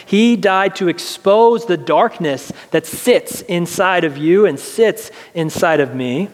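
A male pastor giving an earnest sermon, slowing down to stress key phrases before leading a prayer. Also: high-pitched. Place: church sanctuary. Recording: long reverb of a large hall, faint music.

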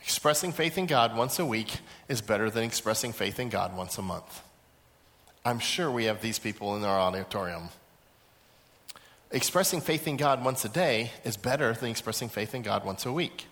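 Bright-voiced preacher in an echoey hall. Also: male voice, medium pitch, moderate pace. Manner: lively storytelling, acts out quoted voices. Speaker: pastor. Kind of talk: sermon. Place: large auditorium.

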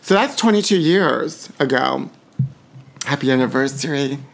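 A man's voice: mid-range voice, lively intonation, measured pace, vocal fry, a bit bright. A middle-aged man hosting a podcast, delivering a flamboyant, sassy celebrity gossip monologue and calling listeners honey. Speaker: podcast host.

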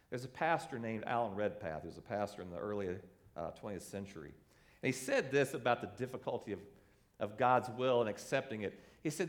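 Male pastor mid-sermon, high, lively delivery, acts out the quotes. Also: normal speed. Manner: animated, acts out quoted voices.

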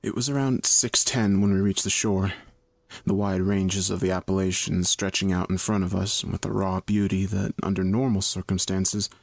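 A man narrating a horror story in a measured, low-key storytelling voice. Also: a little mellow, no room sound.

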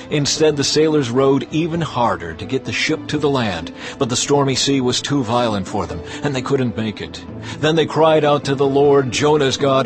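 Male voice, scripted audio-drama narrator, lively intonation, music bed. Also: mid-range voice. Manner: dramatic, measured storytelling.

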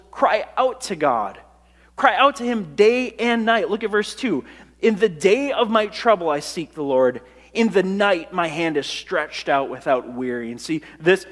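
A man's voice: high voice, big-room sound. A man preaching a sermon, earnest and emphatic, building repeated lists and often restarting his phrases. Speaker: pastor.

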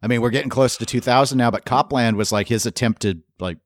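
A man's voice: mid-range voice, fast, dry recording, clean studio sound. A man co-hosting a podcast in casual chat, rambling through fillers with wry jokes. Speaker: podcast co-host.

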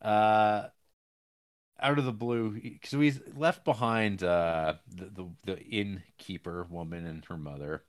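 A man slowly recaps a film's plot in a casual way, rambling with fillers and restarts. His pitch jumps up whenever he acts out characters' lines.

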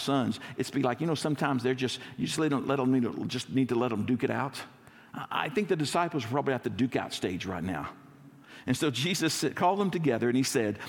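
A pastor preaches in a relaxed, conversational way, drawing the words out when he wants them to land. His voice is medium-pitched with a gravelly edge. It rings out with a long reverb across a church hall. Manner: conversational preaching, acts out scenes, slows for emphasis. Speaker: lead pastor. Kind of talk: sermon.

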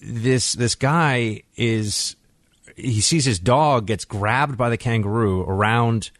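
A man's voice: medium pitch, takes it slowly, no room sound, clean studio sound. A man hosting a talk radio show, chatting casually and giving his opinions, often restarting his sentences. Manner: conversational, frequent restarts, opinionated. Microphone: studio microphone.

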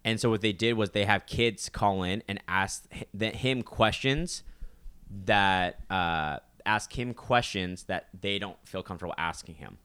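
A man's voice: fairly low pitch, a little slow, pushed and bright, clean tone. A young man co-hosting a podcast, chatting casually, rambling with restarts and casual swearing. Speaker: podcast co-host. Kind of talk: casual chat.

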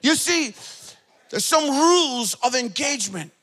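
This middle-aged pastor preaches a sermon full of family stories, breaking into animated shouts for emphasis and habitually asking "yeah?" His voice is very high-pitched and his pace unhurried.

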